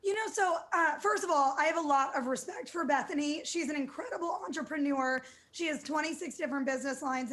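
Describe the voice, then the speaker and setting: High-voiced upbeat woman guest. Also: fairly bright tone. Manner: upbeat, fluent, frequent "you know" fillers. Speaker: guest, DJ and entrepreneur. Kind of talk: remote TV news interview.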